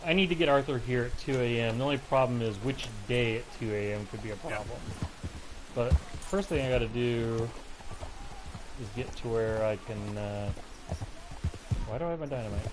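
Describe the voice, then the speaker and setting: A man's voice: medium pitch, moderate pace, background noise. A man giving casual, rambling live commentary while streaming a game from home, now and then breaking off to talk to his cat. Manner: chatty, rambling, breaks off to coo at his pet. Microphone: personal mic close to him.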